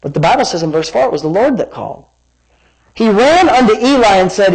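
A man preaching a sermon as pastor, reading scripture with lively emphasis and wandering into personal asides. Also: high voice, quick pace, breathy edge, low-quality recording. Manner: animated, dramatic scripture reading with rising emphasis; rambling asides and self-corrections.

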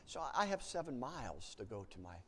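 A man preaching, telling a story from his own life, swinging between hushed low passages and loud excited outbursts, often repeating words as he restarts. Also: quick pace, slight background noise. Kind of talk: sermon storytelling.

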